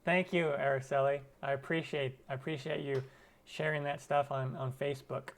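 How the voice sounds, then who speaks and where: A man's voice: medium pitch, steady tone, normal speed. A man hosting a cooking channel's live stream Q&A, chatting loosely with viewers and using many fillers. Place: lives in Arizona.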